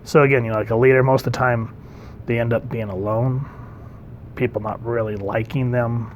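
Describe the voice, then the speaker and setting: A man's voice: mid-range voice, steady tone, normal speed, slight background noise. A man casually reviewing a comic book, conversational and enthusiastic, with frequent ums. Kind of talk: casual commentary.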